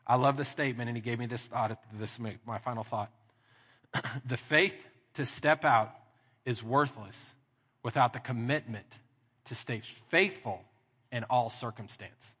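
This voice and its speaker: Bright, husky Texan pastor preaching. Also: male voice, medium pitch, a little slow, big-room sound. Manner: animated storytelling, acting out dialogue. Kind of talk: sermon. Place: church sanctuary.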